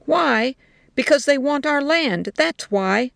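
A woman reading a story voicing rough, shouting male soldiers. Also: high voice, animated, slow, no echo, pitched above the performer's own voice, heavily acted. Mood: angry. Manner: shouting, jeering.

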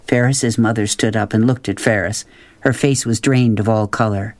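A man narrating a children's storybook, gentle and expressive. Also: lowish voice, moderate pace, dry recording. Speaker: audiobook narrator.

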